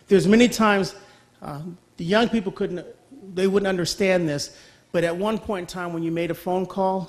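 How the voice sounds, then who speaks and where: A middle-aged man giving an earnest personal testimony as a guest speaker, often checking in with his audience by asking okay. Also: sits high. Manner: earnest, repeats phrases, asks okay.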